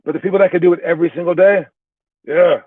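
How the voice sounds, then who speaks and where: Guy coaching kids hoops, rambly pep talk, kinda high voice, sounds like it's thru a phone. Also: fairly even intonation, fast, dry recording. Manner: rambling, repeats and restarts words, pep-talk tone. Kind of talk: casual motivational talk. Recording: tinny phone-like sound, dry.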